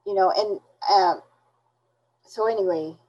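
A woman being interviewed, recounting events in a halting, indignant way with many restarts. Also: medium pitch, a little mellow, lo-fi sound. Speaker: interview guest.

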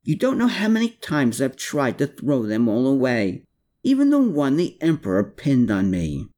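A reader doing an earnest young war veteran. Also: male voice, medium pitch, huge pitch swings, normal speed, dark tone. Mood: haunted, earnest. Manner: pleading, earnest. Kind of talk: audiobook character voice.

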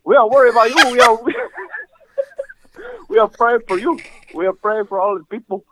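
A man voicing an overwrought, emotional middle-aged priest in a playful put-on accent, loud and gushing. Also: fairly high pitch, very fast, slight background noise, pitched above the performer's own voice, close to an everyday voice. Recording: tinny phone-like line.

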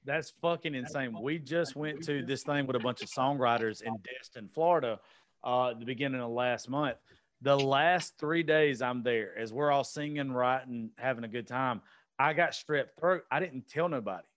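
A man's voice: mid-range voice, normal speed, fairly bright tone, no echo. A man, chatting casually and telling rambling stories with plenty of swearing. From US South. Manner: rambling storyteller, swears freely. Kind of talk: casual chat.

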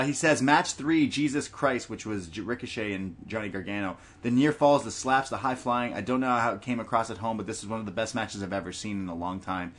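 A man's voice: fairly low pitch, a bit bright. A man co-hosting a podcast in casual chat, reading listener messages aloud and laughing often. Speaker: podcast co-host.

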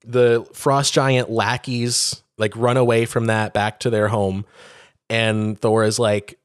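A man's voice: on the low side, little pitch movement, slow, smooth, dry recording, studio quality. Casual, rambling man recapping a story. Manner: rambling, profane storytelling with acted-out quotes. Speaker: podcast co-host. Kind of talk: casual chat.

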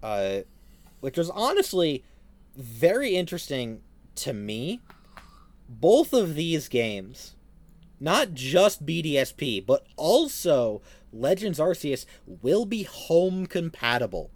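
A man's voice: on the high side, sing-song, slow pace. A young man co-hosting a podcast, chatting casually in a matter-of-fact way. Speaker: podcast co-host. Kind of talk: casual chat.

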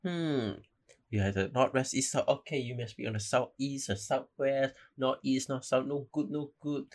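A man's voice: mid-range voice, normal speed, voice pushed up, close to an everyday voice. A man voicing a fussy older male temple fortune teller, with a Chinese-accented English and clipped, repeated pronouncements. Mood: mock-serious.

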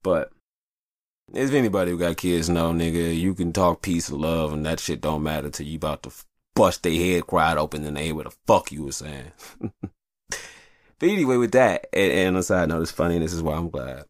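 A low-voiced man hosts a show from a hot upstairs room, talking fairly quickly in a rambling, confessional monologue full of profanity. He's an animated storyteller, and the studio-quality audio has no room sound.

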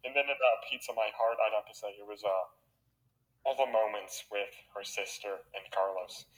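Man, podcast host, lower voice, casual wry chat, dry critical banter. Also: normal speed, a bit bright, low-quality recording.

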